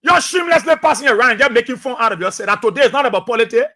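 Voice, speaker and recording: A Liberian man with a strikingly high, bright, forceful voice delivers fiery radio talk-show commentary. He preaches at his listeners, repeating short phrases again and again to drive each point home. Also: racing. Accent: Liberian English.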